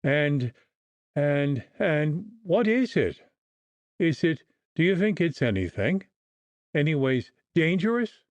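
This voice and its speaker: A man voicing a frightened, blustering gentleman who stumbles over his words. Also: medium pitch, sing-song, a little slow, no echo. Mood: faltering. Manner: blustering, then faltering and fearful.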